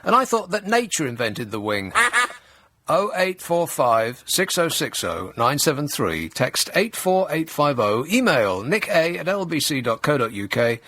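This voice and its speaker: Sarcastic radio host, lively. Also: male voice, fairly high pitch, a little slow, no room sound. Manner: sarcastic, mock-outraged asides while reading news. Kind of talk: comedic talk radio monologue. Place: radio studio. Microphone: studio microphone.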